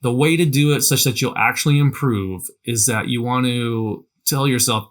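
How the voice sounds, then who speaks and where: A man's voice: mid-range voice, fairly even intonation, normal speed, few pauses, fairly bright tone. A man giving a casual spoken lesson on practicing tones, talking conversationally, repeating himself and checking in with "right?". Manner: conversational, repeats words, frequent "right?" tags. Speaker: language teacher. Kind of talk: casual instructional talk.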